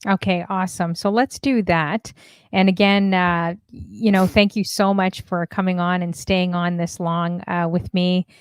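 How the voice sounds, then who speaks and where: Hosting a laid-back livestream, a woman reads viewer comments aloud and chats with a lot of filler words. Her low voice is smooth, steady, and unhurried, recorded dry in a clean studio.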